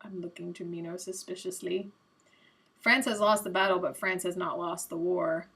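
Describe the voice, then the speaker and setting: A woman's voice: fairly low pitch, steady tone, moderate pace, bright, forceful tone, breathy edge. Chatty young woman thinking aloud. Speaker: live-stream host. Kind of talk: casual live-stream chat while playing a quiz game.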